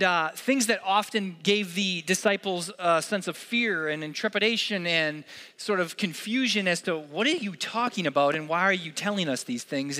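Male pastor, sermon; high bright voice, earnest, chatty delivery with casual asides.

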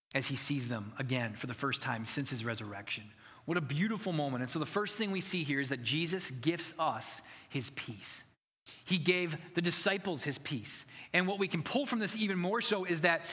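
A man's voice: fairly high pitch, pushed and bright, in a large hall. A man preaching a sermon as pastor, earnest and conversational, building to emphatic passages.

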